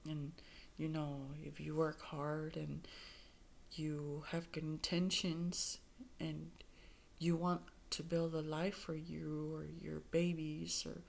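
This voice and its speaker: A woman's voice: low-pitched, flat delivery, slow, creaky, slight background noise. A woman vlogging about her life in a candid monologue, blunt and straightforward, swearing freely and rambling with many restarts.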